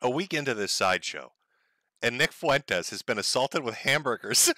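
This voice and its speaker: A man's voice: medium pitch, expressive, moderate pace, bright, forceful tone, no room sound. A man hosting a stream, giving sarcastic, profane commentary on a video clip. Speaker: stream host.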